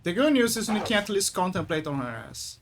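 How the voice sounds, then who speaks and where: A young man streaming a game, excitable and cursing when frustrated. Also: sits high, fairly quick, slight background noise. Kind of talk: gameplay commentary.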